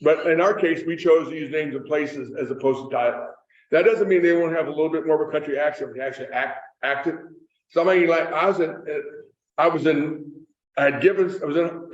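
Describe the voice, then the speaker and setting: A middle-aged man with a Kentucky accent speaks in a fairly high voice as he gives a casual talk to a live audience. He rambles through his stories and keeps correcting himself. He sounds far from the mic in an echoey room, and the recording is dull. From Kentucky, USA. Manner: chatty storyteller with frequent restarts and self-corrections. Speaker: author and screenwriter giving a talk.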